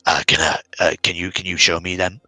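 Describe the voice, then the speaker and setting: A man's voice: deep voice, little pitch movement, fairly quick, bright, forceful tone, soft background music, pitched below the performer's own voice, heavily acted, low-quality recording. A man voicing a hesitant, awkward man who mumbles and halts.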